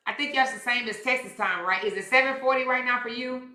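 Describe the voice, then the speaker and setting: A woman's voice: mid-range voice, fast, hardly any pauses, sharp tone, echoey room. A woman hosting a casual livestream, talking bluntly and with plenty of profanity straight to her viewers. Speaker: livestream commentary host.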